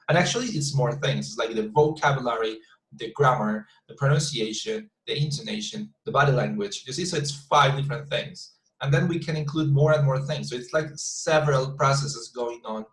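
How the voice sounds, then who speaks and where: A male English teacher with a Spanish accent talks his class through a lesson over a video call, stopping to repeat words and fill gaps with "uh" and "um". His voice sits at a middle pitch. The room around his mic adds a clear echo. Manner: halting, with many repeated words and fillers.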